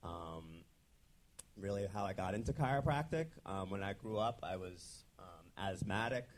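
A young man with a very deep, low-pitched voice speaks as a chiropractor guest in a relaxed interview. He talks casually and loosely, with frequent ums and restarts. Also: normal speed. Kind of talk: conversational interview.

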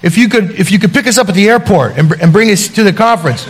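Guy doing a pushy chummy youth pastor, kinda high voice, breezy. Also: animated, quick pace, a little hiss or hum. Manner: breezy, chummy, keeps asking favors. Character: eager, pushy male Canadian youth pastor.

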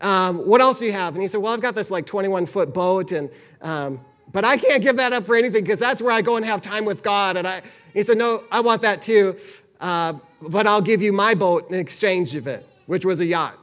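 A man's voice: sits high, brisk. A man preaching, telling a long story and acting out the lines of the people in it. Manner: animated, acts out quoted dialogue. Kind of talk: sermon storytelling.

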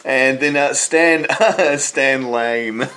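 A man's voice: medium pitch, extremely slow, bright, forceful tone. A man co-hosting a casual wrestling review podcast, wry and often laughing as he talks. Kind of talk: casual chat reviewing an old wrestling show.

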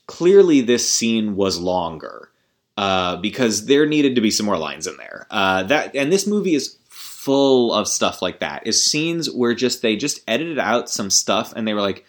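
A man's voice: on the low side, very animated, measured pace. A man hosting a podcast, ranting about a film in a rambling, exasperated way, with profanity and many restarts. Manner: rambling, exasperated, swearing, full of restarts and asides. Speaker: podcast host. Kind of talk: casual film-review rant.

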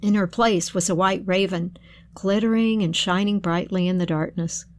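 At a medium pitch and with no echo, a woman spins an old folk tale in a measured, expressive voice. She follows it by thinking aloud about the meaning.

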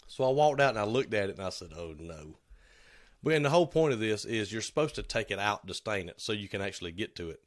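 A middle-aged man chats casually about work on a shop podcast. His voice sits a bit low, and he tells stories with quick quoted bits and laughs. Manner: storytelling, acts out quotes with laughs. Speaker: podcast co-host.

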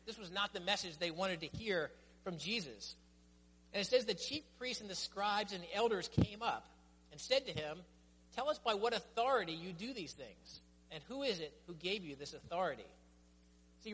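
A middle-aged male pastor with a high, light voice delivers a sermon, building his points in emphatic, stacked lists. His words ring out with the long reverb of a church hall. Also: a bit bright, breathy edge.

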